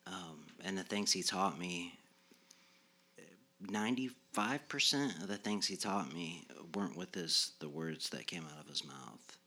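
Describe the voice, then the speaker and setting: Middle-aged man, very low pitch, halting reflective podcast talk. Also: sharp tone. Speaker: podcast co-host. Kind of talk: reflective casual conversation.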